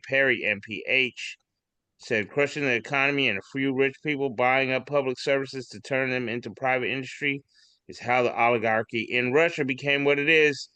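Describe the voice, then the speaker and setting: A man rambles through a pile of memes on a casual podcast, swearing freely and laughing along at the jokes. His voice is bright and forward. The sound is dry and close, with no room around it. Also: mid-range voice, smooth, no room sound. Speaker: podcast co-host. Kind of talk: casual chat reading memes aloud.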